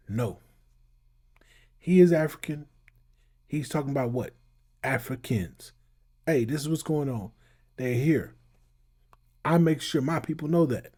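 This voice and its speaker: A man's voice: fairly high pitch, dark tone. A man hosting his own channel, giving emphatic casual commentary and reacting to clips. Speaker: channel host.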